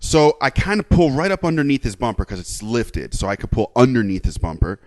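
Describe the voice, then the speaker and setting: Animated, swearing podcast guy. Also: medium pitch, brisk, dry recording. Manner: animated storyteller, swears freely, acts out quotes. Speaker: podcast co-host. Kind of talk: casual chat.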